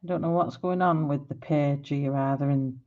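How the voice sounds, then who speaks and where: A woman's voice: low voice, steady tone, normal speed, dark tone, lo-fi sound. A woman in her forties chatting casually on a live stream while she colours, rambling and laughing often. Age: 40s. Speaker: art livestreamer.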